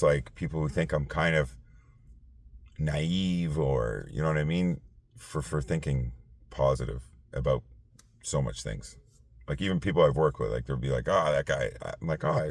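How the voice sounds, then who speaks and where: A man's voice: extremely low pitch, no room sound. A tired man hosting a casual late-night talk show, rambling with many fillers and restarts. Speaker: podcast host.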